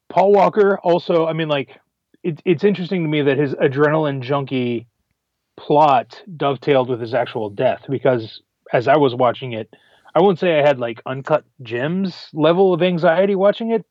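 A man co-hosting a podcast, animated and emotional in casual movie review chat, restarting words as he talks. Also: a little high, no room sound, highs cut off. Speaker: podcast co-host.

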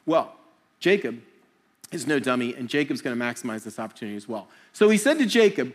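A middle-aged man preaching a sermon, telling jokey stories and acting out quick voices. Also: medium pitch. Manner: animated, jokey storytelling with acted-out voices. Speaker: pastor.

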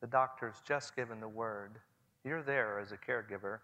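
A man in his forties preaching a sermon earnestly, swinging between hushed and loud passages. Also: fairly low pitch, moderate pace, muffled recording. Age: 40s. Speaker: pastor. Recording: long hall reverb.

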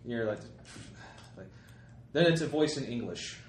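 A man's voice: medium pitch, expressive, unhurried. A man running a tabletop game as game master, talking hesitantly with many restarts. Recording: roomy with faint noise.

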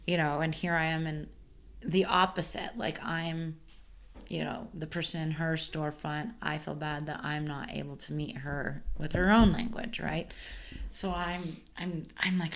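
A woman caterer chatting casually and telling an animated story, full of "like" fillers. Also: deep voice, unhurried. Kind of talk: casual chat.

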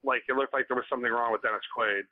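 Podcast guest, a man of middle pitch, relaxed and talkative, heard through a thin phone-line sound. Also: no echo. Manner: easygoing, chatty, quick to laugh along. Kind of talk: casual chat.

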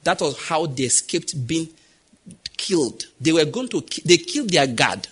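A man's voice: fairly high pitch, moderate pace, husky. A man with a Nigerian accent preaching a sermon, telling stories and acting out the voices in them. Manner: animated storytelling, acting out quoted voices.

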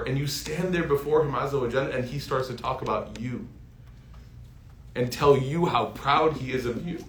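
A man in his thirties preaches with heartfelt storytelling, building his points to emphatic peaks. His voice sits at a middle pitch and rings in a roomy echo, with faint background noise. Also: normal speed. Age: 30s. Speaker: Islamic preacher. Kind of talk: sermon.

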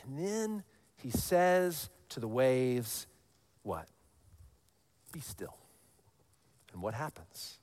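A pastor in his thirties delivers a sermon at a slow pace. His storytelling rises to animated peaks, then falls to a hush whenever he reads scripture.

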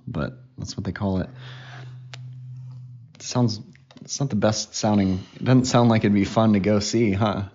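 A man's voice: on the low side, darkish tone, muffled recording. A man in his thirties, a podcast host chatting casually and teasingly with his young daughter at home. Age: 30s. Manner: playful, teasing, joking.

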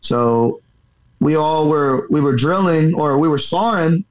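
A man's voice: fairly high pitch, unhurried, muffled recording. A man who fights professionally and coaches boxing, telling a story in a casual interview, rambling, swearing freely and leaning on filler words.

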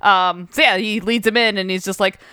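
This is a woman co-hosting a podcast and talking casually through a comic story. She laughs often, swears without thinking, and jumps into quick acted quotes. Her voice is smooth and clear, recorded dry and close. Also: medium pitch, fairly even intonation, pushed and bright, no echo. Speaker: podcast co-host. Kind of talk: casual chat about a comic book.

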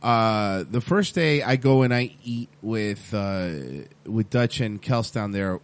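A man's voice: on the low side, takes it slowly, clear, resonant tone. A man telling a story in casual chat, swearing freely and acting out what he said. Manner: animated, swears freely, quotes himself.

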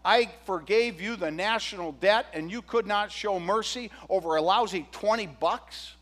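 A man's voice: high-pitched, moderate pace, a bit bright. A male pastor playing an angry king who scolds an ungrateful servant during a sermon. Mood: outraged. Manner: berating, indignant.

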